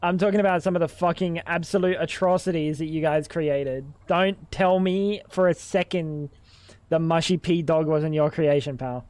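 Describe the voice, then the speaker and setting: Man, game streamer, casual chat, profane, thinking aloud, fairly high voice, dry recording. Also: steady tone, moderate pace, a little mellow, no echo. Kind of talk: casual livestream chat while gaming.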